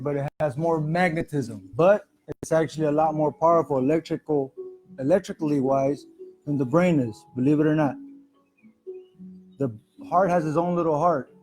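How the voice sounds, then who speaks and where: A man's voice: a little high, a little mellow. Rambling man on a livestream. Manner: loose, rambling, chatty with viewers. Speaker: spiritual livestream host. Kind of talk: casual spiritual livestream talk. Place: home, music playing softly behind. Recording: faint music in background.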